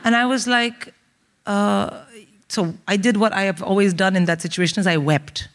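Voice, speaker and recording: A middle-aged woman from India with an Indian English accent, telling candid, animated stories as a comedy co-host on a theatre stage. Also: medium pitch. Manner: brisk, candid, animated storytelling. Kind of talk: live stand-up storytelling. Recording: live theatre with long reverb.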